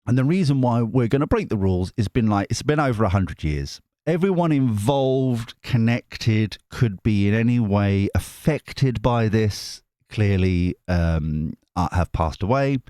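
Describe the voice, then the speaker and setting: A man's voice: on the low side, animated, a little slow, few pauses, mellow, no room sound. A man hosting a tarot channel, chatting casually to camera in a rambling, jokey way that keeps interrupting itself. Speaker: tarot reader and channel host.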